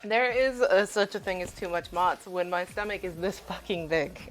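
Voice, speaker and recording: Woman, deep low voice, casual cooking-stream chatter, swears and laughs, home kitchen, faint music behind. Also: steady tone, a little slow. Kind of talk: casual live-stream chat while cooking.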